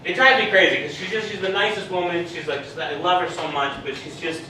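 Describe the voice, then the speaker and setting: A man's voice: high voice, fast talker, distant mic. A young man performing a stand-up comedy set in a bar basement, with punchy lines and muttered asides. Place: basement of a bar, live crowd. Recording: echoey room, heard from afar, audience noise.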